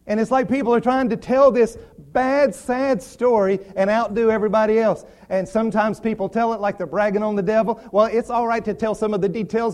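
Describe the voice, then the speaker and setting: A man's voice: high-pitched, steady tone, a little fast, darkish tone. A man preaching a sermon, repeating phrases and building to emphatic declarations. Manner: repetitive, rising to emphatic declarations.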